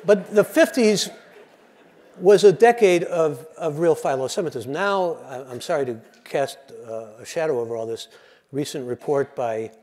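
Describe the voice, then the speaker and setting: Older guy lecturing, animated joke teller, does little voices for the punchlines. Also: on the high side, moderate pace. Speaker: lecturer and radio host.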